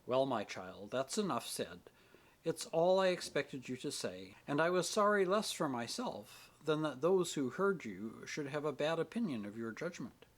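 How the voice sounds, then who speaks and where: A man's voice: a little high, sing-song, moderate pace. A man voicing a stern, sarcastic minister father. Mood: stern reproach. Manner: stern, ironic, authoritative. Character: stern middle-aged male minister father, proud and sarcastic. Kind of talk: audiobook character reading.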